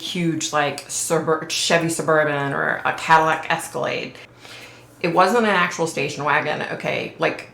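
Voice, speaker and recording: A low-pitched woman with a gravelly, bright edge to her voice tells a story to camera. She rambles casually and keeps checking in with her viewers. The recording sounds roomy and echoey. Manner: rambling, full of "like" and "okay?" check-ins. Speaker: psychic vlogger. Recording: roomy echo.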